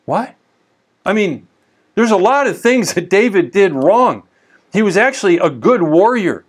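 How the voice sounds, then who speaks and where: Man, Bible teacher, conversational, animated storyteller, somewhat high-pitched. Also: moderate pace. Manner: animated storytelling, frequent restarts and asides.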